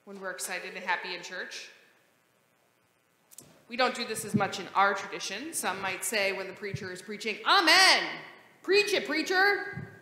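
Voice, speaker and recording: A woman pastor reading the gospel and then leading a lively, playful children's sermon in church. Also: medium pitch, moderate pace, pauses often. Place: church sanctuary. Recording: roomy church reverb.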